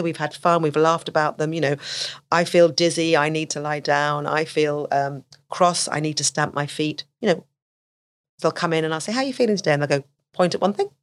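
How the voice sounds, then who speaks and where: A middle-aged woman giving conversational advice as an autism specialist, often acting out what children and teachers say. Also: sits low. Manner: animated, acts out quoted speech.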